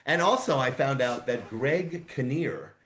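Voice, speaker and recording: A man in his sixties, a voice actor guest telling rambling, lively anecdotes in a casual interview. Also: medium pitch, a little slow. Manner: rambling, animated anecdotes with asides.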